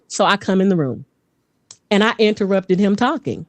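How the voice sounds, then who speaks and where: A woman guest who is a vocal coach and voice actor, telling stories in a lively casual way, often laughing and dropping into voices. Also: medium pitch, moderate pace, no room sound. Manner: animated, laughs often, slips into character voices. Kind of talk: casual podcast storytelling.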